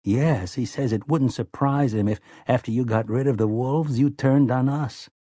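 A man voicing a curious, eager young farm boy, asking soft, eager questions. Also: medium pitch, moderate pace, no room sound, studio quality, pitched above the performer's own voice, natural voice.

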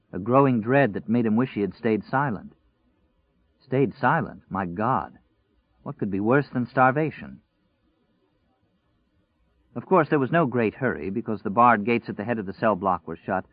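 Guy reading a creepy story aloud, low voice, tinny and dry like over a phone. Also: no room sound. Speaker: audiobook narrator. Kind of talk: dramatic scripted narration.

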